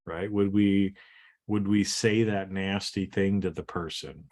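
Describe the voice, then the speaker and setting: A man's voice: low-pitched, fairly even intonation, measured pace, a little mellow. A man hosting a podcast interview in casual conversation, often tagging his points with a rhetorical "right?". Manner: tags thoughts with rhetorical "right?", stammering restarts. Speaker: podcast host.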